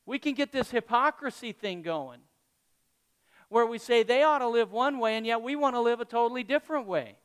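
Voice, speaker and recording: A man's voice: very high voice, lively intonation, normal speed, a bit bright, clean tone, big-room sound. A male pastor preaching a sermon to his congregation, talking conversationally and tossing questions to the room. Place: church hall with congregation.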